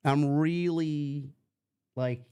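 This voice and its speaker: A man's voice: a little high, fairly even intonation, very slow, mellow, smooth. Flustered, swearing male streamer. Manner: flustered, swears, repeats himself. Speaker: podcast co-host. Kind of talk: casual livestream chat.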